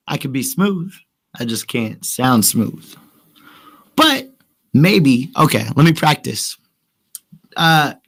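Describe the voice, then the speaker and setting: Fighting a cough, a man with a fairly high, somewhat bright voice co-hosts a laid-back stream chat. He's a rapper who jokes around and pokes fun at himself.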